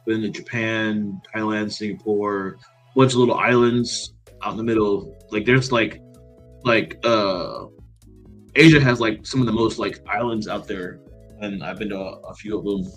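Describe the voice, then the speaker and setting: Dude telling wild stories, laughs a lot, some faint music in the back. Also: male voice, lowish voice, moderate pace. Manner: animated, laughing, swears freely. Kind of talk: casual storytelling chat.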